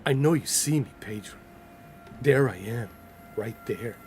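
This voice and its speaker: A man's voice: medium pitch, expressive, a little slow, a little mellow, a little hiss or hum. A man casually commenting on a game during a livestream, loose and joking as he banters with his chat. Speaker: gaming livestreamer.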